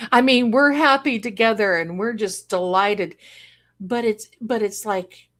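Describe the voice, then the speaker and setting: A woman's voice: fairly high pitch, takes it slowly, a bit bright. A middle-aged woman hosting a casual live stream, chatting with viewers in a rambling way and breaking into song and laughter. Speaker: livestream host.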